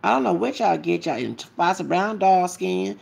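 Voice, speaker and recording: A man's voice: high voice, animated, moderate pace, gravelly, darkish tone, slightly rough. A man ranting casually to his camera as a vlogger, rambling and repetitive, with emphatic asides.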